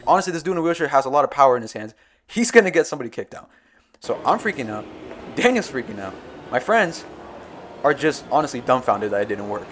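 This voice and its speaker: A young man narrating a storytime video in an excitable, jumpy way, full of quick asides. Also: a little high. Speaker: storytime YouTuber.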